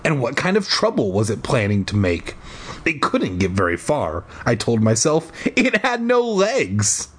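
A man's voice: fairly low pitch, sing-song, moderate pace, breathy edge. A man reading a spooky children's book aloud for laughs, with rambling, jokey, sweary asides. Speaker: reader. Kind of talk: comedic read-aloud of a kids' book.

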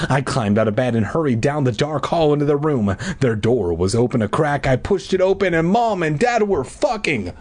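A man reads a children's horror novel aloud with mock seriousness. His pitch swings widely, climbing high for the young hero's panicked lines. He peppers the reading with sarcastic, foul-mouthed asides. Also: lively intonation, moderate pace, few pauses, a little mellow. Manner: sarcastic, profane asides, raises pitch for dialogue. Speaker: reader of a children's horror book. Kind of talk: comedic audiobook reading with drunken asides.

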